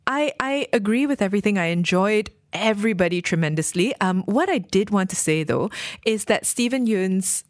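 A woman co-hosting a radio film review show, talking in a thoughtful, measured way with frequent ums. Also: medium pitch, lively intonation, dry recording, clean studio sound. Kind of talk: casual film review chat.

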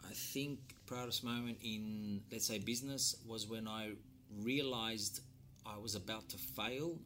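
Easygoing man with a bright low voice. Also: a little slow, slight background noise. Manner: relaxed, short easygoing answers, laughs easily. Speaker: chef and restaurateur, guest. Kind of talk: casual interview answers.

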